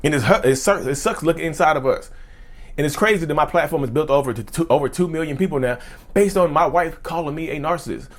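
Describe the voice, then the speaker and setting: Man, 30s, rapid earnest camera monologue, repeats points. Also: fairly high pitch. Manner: earnest, preachy, repeats phrases for emphasis. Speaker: mental health video creator. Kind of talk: casual talking-to-camera monologue.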